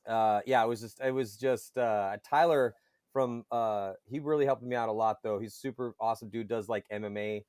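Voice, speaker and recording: A man chatting casually on a podcast, telling lively stories and swearing casually. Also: fairly low pitch, normal speed, smooth, dry recording, studio quality. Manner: animated storyteller, swears casually. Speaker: paintball commentator guest.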